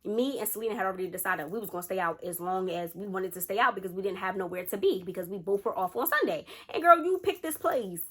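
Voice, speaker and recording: A young woman telling a story to her viewers at a quick clip. She is chatty and slangy and talks to the audience as if they were friends. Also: medium pitch, breathy edge. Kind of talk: casual storytime.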